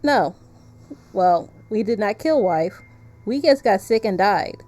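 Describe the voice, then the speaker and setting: A woman's voice: medium pitch, expressive, takes it slowly, dark tone. A woman streaming a game, chatting casually and laughing often as she explains the story. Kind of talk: casual gameplay commentary.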